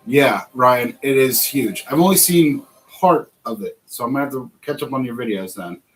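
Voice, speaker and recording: A man's voice: mid-range voice, lively intonation, normal speed, rough recording. An American man hosting a casual livestream, talking in a rambling, chatty way and laughing often. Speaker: host.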